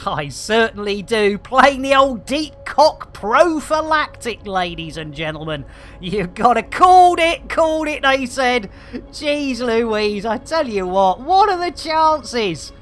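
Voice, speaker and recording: A male streamer playing a space game speaks slowly in a very high-pitched, slightly bright voice with big pitch swings. He chats casually with viewers and shouts out chat in a cheeky, playful way, piling on hammy exclamations over faint game music.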